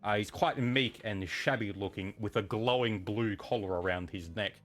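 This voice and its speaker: A man's voice: on the low side, normal speed, faint music behind. A man running a tabletop game as game master, narrating casually with lots of fillers.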